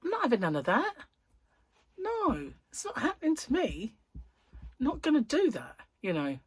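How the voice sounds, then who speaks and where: A middle-aged woman with a husky voice, hosting a rambling, casual chat and telling anecdotes with frequent laughs. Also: sits high, wildly swooping pitch, moderate pace, no echo. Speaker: host.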